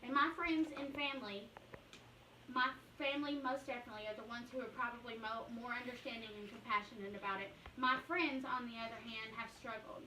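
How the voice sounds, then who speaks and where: High bright-voiced woman, earnest and candid. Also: steady tone, a little fast, slight background noise. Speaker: speaker giving a personal talk. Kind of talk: personal speech to an audience. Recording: echoey room, voice from a distance.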